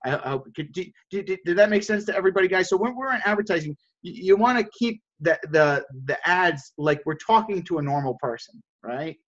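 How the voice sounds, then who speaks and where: A man's voice: sits high, lively intonation, brisk, few pauses. A man leading a sales coaching call with his group. He stumbles over and repeats words and keeps checking in with "right?". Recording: dull lo-fi audio.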